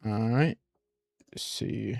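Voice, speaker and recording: A man's voice: fairly low pitch, takes it slowly, gravelly, a little mellow. A young man streaming live, rambling casually with lots of "like" and restarts and talking through what he is doing step by step. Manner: rambling, full of "like" and restarts, talks through each step aloud.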